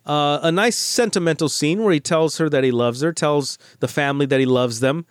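American guy, middle-aged, chatty movie podcast, bit high voice, dry close mic. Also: fairly quick, clear, resonant tone, dry recording. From United States. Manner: chatty, animated storyteller with frequent restarts. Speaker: podcast co-host. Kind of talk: casual movie discussion podcast.

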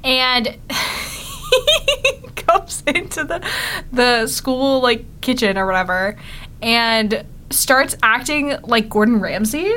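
A woman's voice: a little high, very animated, takes it slowly, bright, forceful tone, slight background noise. A young woman co-hosting a podcast, casually retelling episode plots with frequent giggles and filler words. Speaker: podcast co-host. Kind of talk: casual chat recapping episodes.

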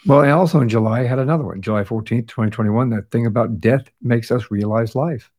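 A man's voice: mid-range voice, fast talker, darkish tone. Tired man hosting a podcast chat. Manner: conversational, with fillers and restarts. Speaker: podcast host. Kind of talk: casual chat recapping episodes.

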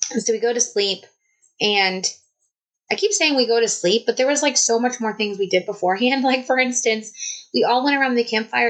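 A woman, telling a personal story in a casual, animated vlog style. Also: on the high side, rough recording. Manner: chatty, animated, many "like"s. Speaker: vlogger.

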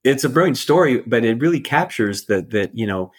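A man's voice: medium pitch, expressive, a little fast, breathy edge. A middle-aged man, an author and life coach, talking reflectively in an interview and often repeating words as he restarts.

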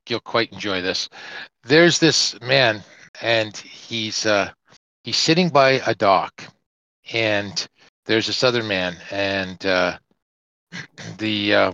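A man co-hosting a podcast in casual chat, telling a joke with halting restarts. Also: on the low side, sharp tone, no room sound. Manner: chatty storyteller, halting restarts. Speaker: podcast co-host. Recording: dull, lo-fi, dry podcast audio.

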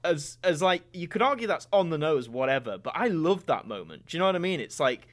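A man hosting a podcast, chatting casually and enthusiastically with a guest, with animated, mocking asides. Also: on the high side, fairly quick. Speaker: podcast host. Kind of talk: casual fan discussion.

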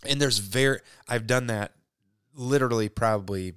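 A man talking about faith in a casual conversation, reflective and halting, often restarting his sentences. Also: mid-range voice, fairly bright tone, clean tone, no room sound, studio quality.

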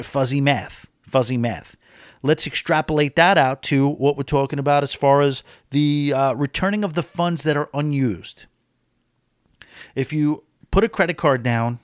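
A man's voice: a little high, no echo, studio quality. A man vlogging about a cruise in a casual, opinionated monologue, talking with emphasis.

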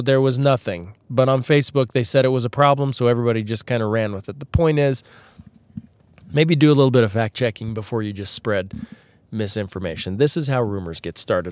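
A man hosts his podcast in a casual, rambling monologue full of sarcastic jokes and asides. His voice is mid-pitched and a touch husky from a tickle in his throat. The sound is close and dry, with no room echo. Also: darkish tone. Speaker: podcast host. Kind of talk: casual comedic storytelling monologue.

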